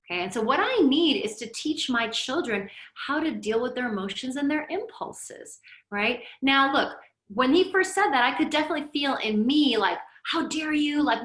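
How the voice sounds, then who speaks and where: A middle-aged woman, a yoga teacher and therapist from Lebanon, giving a reflective teaching talk with personal stories in a conversational, gently guiding way. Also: medium pitch, roomy sound, rough recording.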